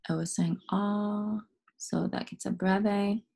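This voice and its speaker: A woman's voice: mid-range voice, fairly even intonation, slow, vocal fry, dark tone, husky. A young adult woman teaching a phonics lesson to young students, patient and encouraging as she goes step by step.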